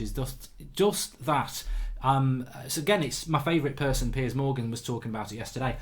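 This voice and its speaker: A man's voice: mid-range voice, expressive, brisk. Man, thirties, casual stream host, rambling anecdotes, restarts. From England. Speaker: show host. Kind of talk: casual livestream chat.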